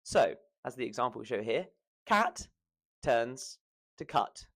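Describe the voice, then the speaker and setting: A man with a Southern English accent teaching pronunciation to camera, stretching out vowel sounds to show them. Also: mid-range voice. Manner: lively, drawn-out demonstration of vowel sounds. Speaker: accent coach.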